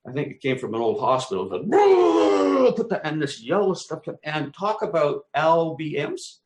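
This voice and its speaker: Man, animated storyteller, acts out his exclamations, casual swearing, echoey room. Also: a little high, moderate pace. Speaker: co-host.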